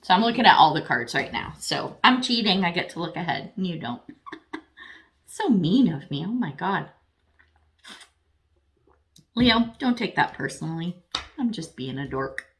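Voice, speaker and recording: A woman's voice: fairly low pitch, sing-song, normal speed, pauses often, fairly bright tone. Chatty, foul-mouthed woman tarot reader. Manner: chatty and frank, swears freely; addresses viewers directly, self-deprecating asides. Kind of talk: casual tarot reading to camera.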